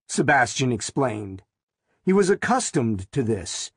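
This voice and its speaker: Male narrator, slow and deliberate audiobook reading, dry close sound. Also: medium pitch, expressive, no echo.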